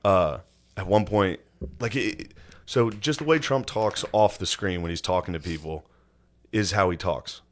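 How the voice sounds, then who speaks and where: A man's voice: sits low, a little slow. A man hosting a podcast in casual chat, laid-back, laughing often and swearing freely. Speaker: podcast host.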